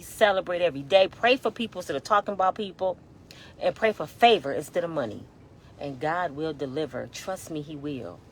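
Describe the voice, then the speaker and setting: A woman in her fifties giving a casual, preachy motivational talk, exhorting listeners as y'all, swinging between loud urging and hushed tones, holding back tears. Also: sits low, slight background noise. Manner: colloquial, addresses listeners as y'all. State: near tears. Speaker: inspirational vlogger.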